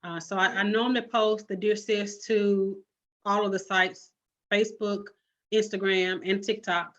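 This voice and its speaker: A woman's voice: mid-range voice, flat delivery, a little slow, fairly bright tone. A woman guest speaking in a casual podcast chat, preaching in a rhythmic, repetitive cadence with many restarts. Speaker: guest author and blogger. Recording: dull lo-fi sound.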